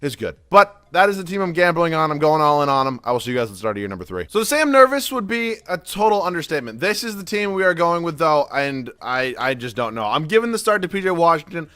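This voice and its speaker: A man's voice: a little high, big pitch swings, fast talker, hardly any pauses, bright, forceful tone, smooth, no room sound. A young man giving casual, profane gameplay commentary, ranting as he plays. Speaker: gaming YouTuber.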